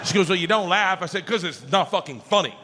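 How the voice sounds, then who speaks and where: A man doing a stand-up comedy set on a stage, telling a story loudly, shouting punchlines and acting out the other voices. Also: high-pitched, quick pace, very noisy. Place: comedy stage before a live audience. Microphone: handheld stage mic.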